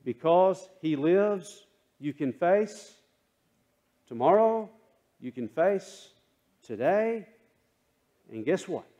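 A male pastor preaching a sermon in a church, using call and response and swinging between hushed and impassioned delivery. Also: high-pitched, animated, slow pace, long pauses. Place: church sanctuary.

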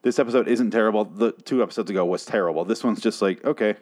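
A hoarse man reviewing a TV episode in a casual, rambling way, swearing and restarting his sentences in exasperation. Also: on the low side, fast, a little mellow.

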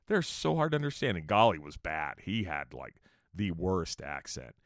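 Low-voiced man telling rambling, profane stories. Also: very animated, moderate pace, no echo, studio quality. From California. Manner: profane, rambling, joking asides. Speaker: musician telling tour stories. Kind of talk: casual storytelling monologue.

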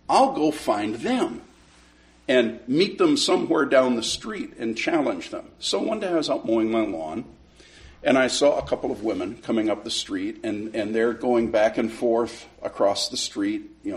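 Middle-aged guy teaching sunday school, lively up-and-down voice, acts out the convo, stumbles over words a lot. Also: medium pitch, normal speed. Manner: animated storyteller, acts out both sides of a conversation, repeats words when starting. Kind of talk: storytelling Bible lesson.

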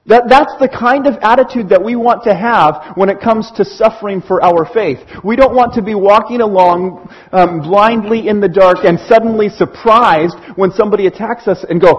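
A man preaching a sermon in an animated way, acting out little scenes as he explains. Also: high voice, normal speed, hardly any pauses, slightly rough, lo-fi sound.

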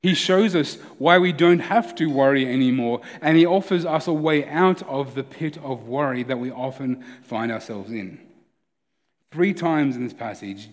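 A man's voice: on the high side, in a large hall. A man preaching a sermon as a pastor, conversational and earnest, often restarting his sentences.

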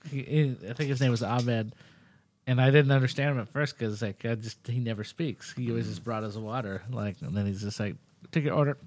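A man's voice: mid-range voice, fairly even intonation, fairly quick, a little mellow, no room sound. A man telling a rambling, laugh-filled story in a casual chat with friends, full of "like" fillers.

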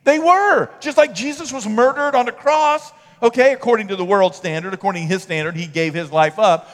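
Brief: male pastor, high voice, conversational sermon with mocking asides, church hall reverb. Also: fairly quick. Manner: conversational preaching with mocking quoted voices and rising emphasis. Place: church sanctuary.

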